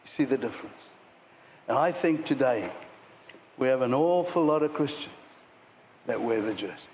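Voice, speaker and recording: A male pastor preaching a sermon, animated, at times mimicking sports fans shouting at players. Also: mid-range voice, normal speed, slight background noise. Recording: dull sound with long hall reverb.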